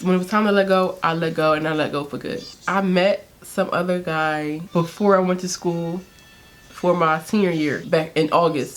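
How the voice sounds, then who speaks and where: A young woman casually telling a candid, sarcastic story to camera, laughing often and using slang. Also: low-pitched. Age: young adult. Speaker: beauty vlogger telling a story.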